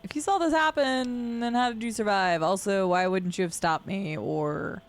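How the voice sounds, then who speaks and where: A woman's voice: medium pitch, moderate pace. A woman streaming a video game, giving casual commentary and sarcastically talking back to the characters.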